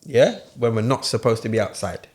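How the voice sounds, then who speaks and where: A man, co-hosting a casual group chat and telling stories with animated, rising outbursts. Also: mid-range voice, brisk. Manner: animated storyteller, laughs and raises his voice. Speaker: podcast co-host.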